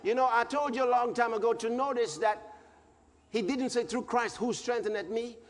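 A male preacher delivering a sermon emphatically, repeating phrases and breaking into shouts. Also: extremely high pitch, steady tone, normal speed. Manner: emphatic, repetitive, bursts into shouts. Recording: long hall reverb, faint background noise.

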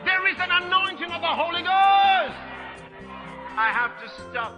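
A man preaching a sermon, shouting and repeating his exhortations. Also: extremely high pitch, animated, unhurried, long reverb tail, over loud music, a loud crowd. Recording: dull lo-fi sermon recording.

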